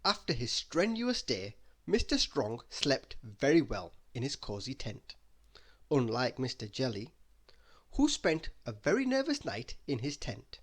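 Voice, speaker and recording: A man reading a children's bedtime story aloud in an expressive storytelling manner. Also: medium pitch, measured pace. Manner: expressive, sing-song storytelling.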